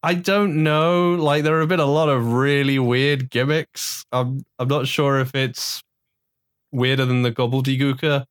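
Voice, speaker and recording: A man's voice: mid-range voice, fairly even intonation, unhurried, no echo, studio quality. A man co-hosting a casual chat, ranting and sarcastic, swearing at times. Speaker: podcast co-host.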